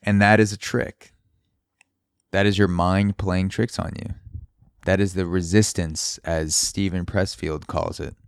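Solo podcast host, male, very low voice, smooth and clear, earnest and encouraging. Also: flat delivery, a little slow, no room sound. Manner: earnest, encouraging, repeats himself for emphasis.

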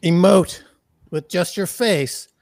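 Animated high-voiced man ranting. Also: slow, creaky, no echo. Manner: animated, profane, ranting delivery. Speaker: guest. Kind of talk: casual podcast chat.

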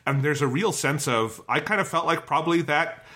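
A man co-hosting a film podcast, talking in a lively, casual way and swearing freely. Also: a little high, a little fast. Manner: animated, chatty, swears freely. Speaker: podcast co-host. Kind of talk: casual film review chat.

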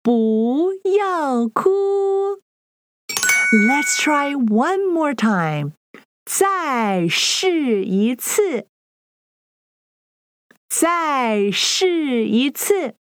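A woman teaching a children's language lesson, repeating each phrase slowly and clearly in a sing-song way. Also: high-pitched, very animated, background noise.

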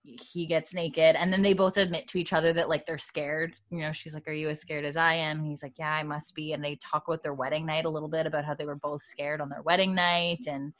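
A woman with a slightly low voice tells a story in relaxed casual chat. She often laughs and acts out what the characters say. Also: a little fast, hardly any pauses. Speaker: podcast co-host recapping a TV episode.

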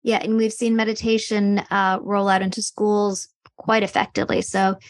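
Female podcast guest, clear explainer, lightly animated delivery, dry recording. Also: mid-range voice, moderate pace, dry recording. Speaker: guest expert on meditation.

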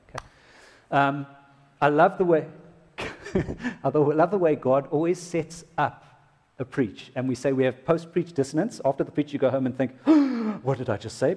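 A man's voice: medium pitch, a little mellow. A man preaching a sermon to husbands in a church, joking and exclaiming as he goes. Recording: echoey hall reverb.

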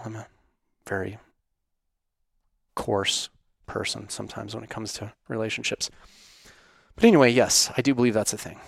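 A man's voice: on the low side, vocal fry, no echo. Blunt, profane man in a dry room. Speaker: host answering viewer questions. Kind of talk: casual monologue. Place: home studio.

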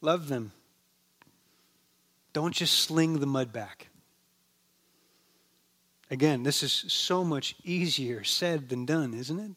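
A man preaching a sermon with a slightly high voice, telling stories in a relaxed, conversational way. He slows down and softens on the words he wants to land. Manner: conversational storytelling, drops soft and slow on key words. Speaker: pastor. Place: church.

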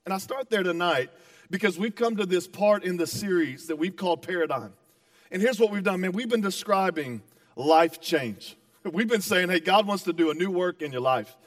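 A man with a high voice preaches in a relaxed, storytelling way, full of energy and playful asides to the crowd. His words ring out with the long reverb of a large church hall. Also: moderate pace. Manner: energetic, playful, talks straight to the audience. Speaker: pastor. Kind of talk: conversational sermon with storytelling. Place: church auditorium.

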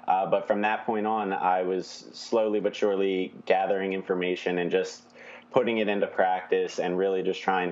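A man in his twenties, a podcast guest talking about himself in an earnest, steady way. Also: sits low, lo-fi sound. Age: 20s. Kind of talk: casual interview.

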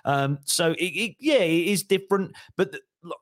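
A man's voice: sits high, normal speed, no echo, clean studio sound. A man, a comedian and impressionist, chatting on a podcast and slipping into voices as he talks. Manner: lively storyteller, slips into voices mid-sentence. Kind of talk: casual podcast chat.

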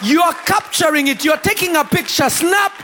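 High-voiced preaching man before a congregation. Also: brisk, some chatter behind, slight background noise. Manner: preaching with shouted bursts and acted-out quotes. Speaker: pastor. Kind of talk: sermon. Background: congregation responding.

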